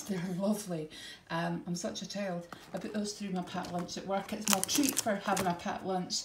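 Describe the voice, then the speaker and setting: A middle-aged woman vlogger speaks in a lowish voice, steady in tone, at normal speed with few pauses. Her grocery haul chat is casual and homely, heavy on ums, and she's slightly out of breath. The room sounds echoey, with faint noise.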